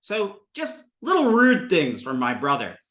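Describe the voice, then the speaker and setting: A man in his thirties giving a lively, digressive classroom lecture on Sanskrit, acting out voices for his examples. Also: high-pitched, a little slow, reverberant. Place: classroom with students.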